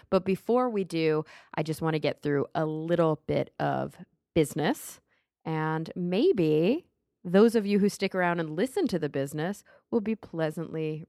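Upbeat lower-voiced woman podcast host. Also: no room sound, clean studio sound. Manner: upbeat, chatty, reads sponsor thanks and promos. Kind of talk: casual podcast chat.

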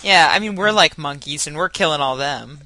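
A man on a casual podcast panel who cuts in with quick, teasing remarks. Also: a little high, animated, bright, forceful tone, no room sound.

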